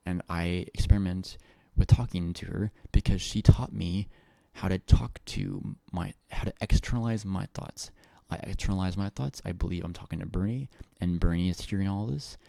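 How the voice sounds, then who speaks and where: A man talking to his viewers in a rambling, excitable personal monologue, full of restarts and swearing. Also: deep voice, moderate pace, creaky, dry recording. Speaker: vlogger.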